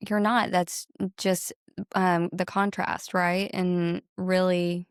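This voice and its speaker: A woman guest on a spiritual podcast, speaking calmly and affirmingly. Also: on the low side, takes it slowly, clean tone, no room sound, clean studio sound. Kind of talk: casual spiritual chat.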